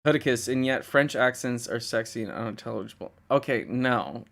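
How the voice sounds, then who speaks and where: A man's voice: medium pitch, fairly quick, vocal fry, a bit bright. A young man from Indiana, rambling casually on a livestream, laughing and swearing as he reads chat. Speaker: livestream host.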